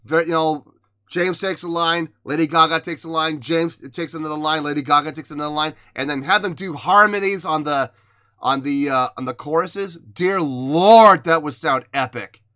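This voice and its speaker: A man gives casual reaction commentary on music, in a bright, forceful voice that sits a little high for a man. He speaks with emotion and exclaims often, and he sighs and restarts his sentences as he works through his thoughts. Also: moderate pace.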